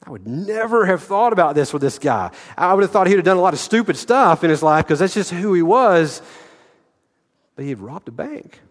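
A man's voice: high voice, very animated, brisk. A middle-aged male pastor preaching an earnest sermon, repeating words and asking the congregation direct questions. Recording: long hall reverb.

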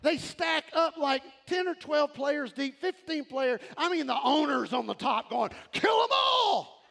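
A man preaches with a high, gravelly voice. His sermon is animated, and he often breaks into shouts. A long reverb from the sanctuary and a faint congregation sit behind him. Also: unhurried. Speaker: pastor. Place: large church sanctuary. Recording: crowd in a reverberant church hall.

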